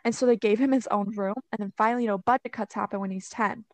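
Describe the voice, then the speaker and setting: A woman's voice: mid-range voice, steady tone, fast, darkish tone, no echo. Chatty young woman retelling a story. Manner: chatty, heavy use of "like" and "you know". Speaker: podcast co-host. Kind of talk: casual storytelling chat.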